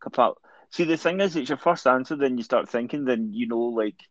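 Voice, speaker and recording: A Scottish man chats loosely on a podcast, rambling between thoughts. His voice has a middle pitch. The sound is close and dry, with a slightly dull, lo-fi edge. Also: brisk, dry recording. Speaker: podcast co-host. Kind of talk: casual chat.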